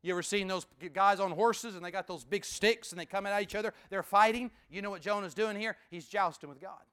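A man preaching a sermon in a folksy, conversational way, swinging from loud emphatic bursts to hushed near-whispers. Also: sits high, a little fast, clear, resonant tone. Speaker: pastor.

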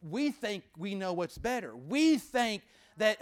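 A man preaching a sermon as pastor, with rhythmic repetition and sudden drops from loud to hushed. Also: high-pitched, very animated, slow.

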